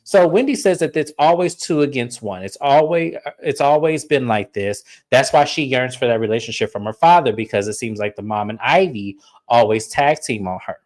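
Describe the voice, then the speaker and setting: A woman's voice: rumbling low, expressive, moderate pace, darkish tone. Blunt woman recapping a reality show. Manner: blunt, swearing, storytelling recap. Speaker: podcast host.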